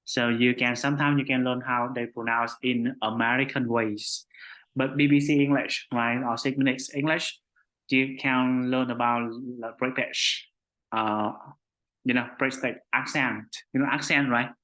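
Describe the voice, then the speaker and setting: A man with a Vietnamese accent teaching an English conversation class, speaking slowly and repeating himself, ending most phrases with "right?". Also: medium pitch, steady tone, a bit bright, poor audio. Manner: slow, repetitive, adds "right?" after most phrases. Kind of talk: online conversation lesson.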